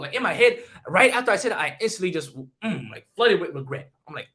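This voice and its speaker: Young guy ranting a story on stream, super fast, kinda high voice, swears a ton. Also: animated, bright, forceful tone. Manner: rapid, profane slang, lots of repeats and restarts.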